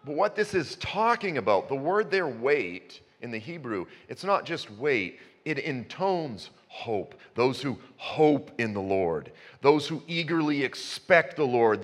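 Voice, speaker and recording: A man's voice: fairly high pitch, expressive, measured pace, few pauses. A man preaching a sermon, conversational at first and building to passionate emphasis. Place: church. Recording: long reverb in a church hall.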